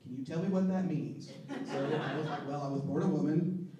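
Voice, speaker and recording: A man in his thirties telling a personal story on stage in a relaxed, joking way, often laughing. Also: a little high, a little fast, lo-fi sound, a crowd in the background. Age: 30s. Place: stage at a live storytelling show. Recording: echoey hall, distant mic, faint noise.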